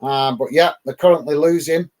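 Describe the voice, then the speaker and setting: Chatty high-voiced British football host. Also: male voice, normal speed, a little mellow. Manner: casual, chatty, frequent ums and uhs. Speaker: host of a football watch-along. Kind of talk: live match commentary and chat with viewers.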